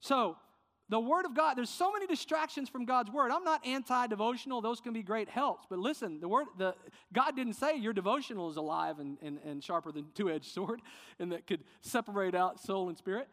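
A man preaching a sermon as pastor, earnest and sometimes softening with emotion. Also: high-pitched, expressive, fairly quick, big-room sound. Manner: earnest preaching, quieter and tender when emotional.

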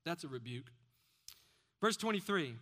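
A man's voice: on the high side, expressive, a little slow, pushed and bright. A man preaching a sermon as pastor, often putting questions to the congregation.

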